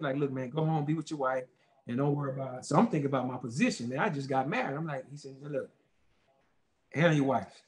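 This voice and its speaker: A man, a former football player telling stories in a casual interview, rambling and animated with lots of fillers. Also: medium pitch.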